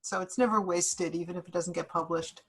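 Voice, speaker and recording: A woman's voice: fairly low pitch, fairly even intonation, fairly quick, gravelly, fairly bright tone, husky, low-quality recording. A woman author speaking to a class over a video call, reflective, with frequent ums and restarts. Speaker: guest author.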